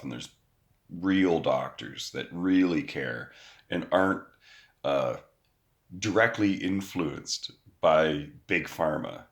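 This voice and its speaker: Man, very low voice, angry profane rant, phone recording outdoors. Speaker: vlogger. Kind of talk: ranting to camera.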